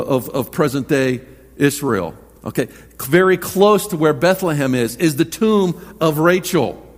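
A man preaching a sermon as pastor, earnest and conversational, often repeating words as he starts a thought. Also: fairly high pitch. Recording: long hall reverb.

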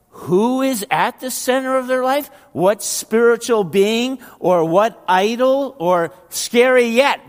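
Animated high-voiced preaching man. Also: long reverb tail. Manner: animated, joking, acts out biblical figures. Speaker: pastor. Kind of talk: sermon.

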